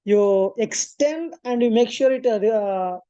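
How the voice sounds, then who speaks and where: Woman, maths tutor, mellow voice, dry close sound, talks through steps with fillers. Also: on the high side, slow pace, dry recording, muffled recording. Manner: explains step by step, thinks aloud with fillers and self-corrections. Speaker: maths coaching teacher. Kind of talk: classroom lecture at a board.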